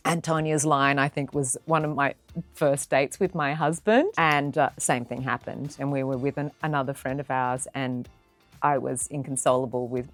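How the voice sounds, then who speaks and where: A middle-aged Australian actress speaks in a strikingly low voice, recounting anecdotes in an interview. She tells them expressively and slips into the voices of the people she quotes. The sound is dry and close, with faint music underneath. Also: normal speed, dry recording. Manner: expressive storyteller who acts out quoted voices. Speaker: actor.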